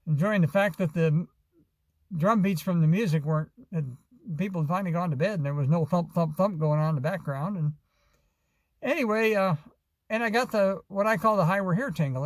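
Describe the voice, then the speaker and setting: A man's voice: high voice, dry recording. A man from Arizona, telling a long, rambling story with many fillers and restarts in a casual vlog. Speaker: vlogger.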